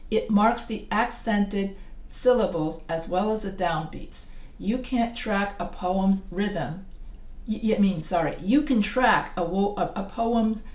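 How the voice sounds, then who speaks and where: A woman's voice: medium pitch, a little mellow. A woman giving a recorded lecture as a teacher, casual and self-deprecating, often restarting her sentences. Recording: echoey room.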